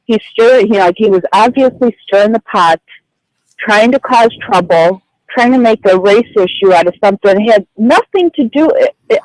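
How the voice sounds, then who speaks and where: A woman's voice: on the high side, a little mellow, no echo, poor audio. A flustered woman phones in to a radio show and tells her story in a rambling way, full of fillers and restarts. Her voice comes through dry and close, with no room around it. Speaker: caller. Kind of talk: telling a personal story on air. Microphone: phone call.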